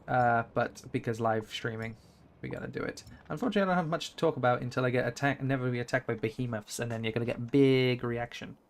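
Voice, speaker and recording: A man's voice: medium pitch, quick pace, slight background noise. A man streaming a game live, rambling and thinking aloud with many fillers. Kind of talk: live gameplay commentary.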